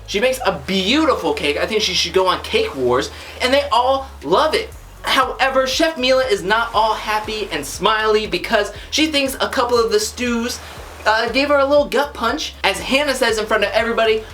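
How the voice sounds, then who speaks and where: A woman's voice: mid-range voice, lively intonation, moderate pace, a bit bright. A woman talks her way through a reality TV episode in a loose, gossipy recap. She has a mid-range voice and often slips into quoting the cast. A faint hiss runs under the recording. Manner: chatty, gossipy retelling with quoted asides. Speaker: TV recap host.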